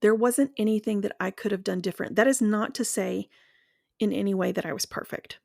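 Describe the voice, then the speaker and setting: A woman speaking in a slow, measured, earnest reflective monologue, walking the listener through guided imagery and then sharing her own experience. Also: medium pitch, steady tone, creaky, a little mellow, no echo, studio quality.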